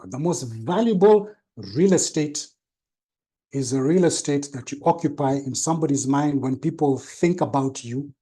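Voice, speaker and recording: A man giving a live seminar talk as a branding trainer, with a trained, deliberate delivery that varies tone and stresses certain words. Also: medium pitch, warm tone.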